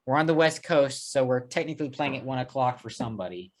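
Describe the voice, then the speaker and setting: A man hosting a casual sports podcast, leading the picks with quick, teasing banter. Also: medium pitch, lively intonation, noisy background. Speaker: podcast host.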